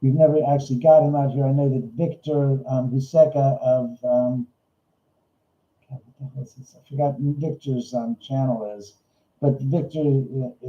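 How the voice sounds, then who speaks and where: A man's voice: medium pitch, dark tone. A man hosting a casual livestream from home, rambling and swearing as he jokes around. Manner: rambling, profane, jokey. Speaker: livestream host. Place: home room. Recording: roomy, slightly dull livestream audio.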